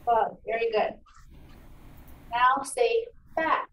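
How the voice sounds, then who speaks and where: A woman teacher giving a phonics lesson to children, encouraging and enunciating each sound clearly. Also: fairly high pitch, slow pace, a bit bright. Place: meeting room. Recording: echoey room, distant mic, faint noise.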